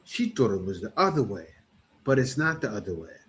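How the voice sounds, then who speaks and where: A man hosting a reaction commentary, talking in a mocking, animated way. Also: lowish voice, a little fast. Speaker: commentator host.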